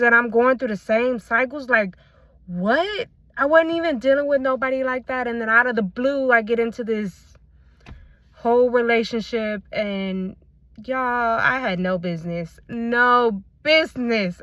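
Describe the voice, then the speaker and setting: A woman whose voice is a little high and fairly bright gives her viewers a fervent personal faith testimony, repeating herself and calling them y'all. She's a faith content creator speaking into a phone held in her hand, in a dry recording.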